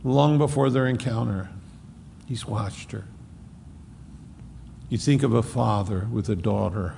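A man's voice: on the low side, a little slow, vocal fry, dark tone, long reverb tail, a little hiss or hum. A man preaching a sermon as a pastor, with emphatic repetition.

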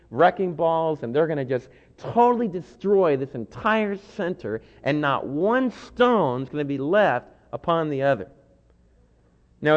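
Pastor preaching in an echoing hall. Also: male voice, fairly high pitch, lo-fi sound. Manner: storytelling, acts out quoted voices. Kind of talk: sermon.

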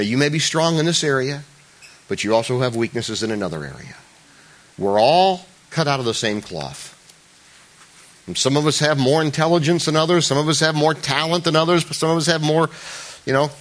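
A pastor preaches a sermon to a church congregation, speaking conversationally, joking with listeners and restarting often, and rising loud and high for emphasis.

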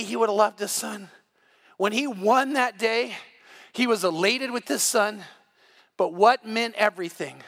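Bright high-voiced male pastor preaching. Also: creaky. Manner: storytelling, building to shouts at the climax. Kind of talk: sermon.

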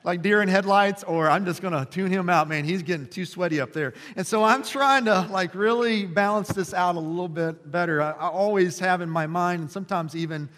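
A man's voice: high-pitched, fairly quick, hardly any pauses, fairly bright tone. Passionate pastor in his forties, reverberant church. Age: 40s. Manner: passionate, conversational, lots of fillers and restarts. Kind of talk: sermon. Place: church sanctuary. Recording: long reverb in a church hall.

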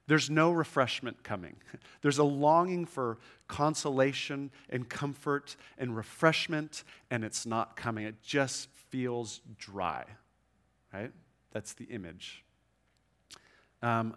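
Male pastor, mid-pitched, earnest and conversational sermon delivery, with slow, soft scripture readings. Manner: earnest, conversational, frequent restarts and "right?" tags; reads scripture slowly and softly. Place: church room with a congregation.

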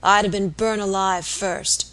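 A woman reading aloud as a dying, rough-spoken working man, bitter and feverish, with coarse rural speech. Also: mid-range voice, normal speed, fairly bright tone, natural voice.

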